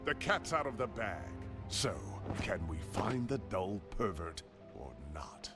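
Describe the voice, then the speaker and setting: An actor playing a wealthy, arrogant aristocrat in a game, talking in a haughty, condescending way. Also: male voice, fairly low pitch, very animated, unhurried. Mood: sneering. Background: game music.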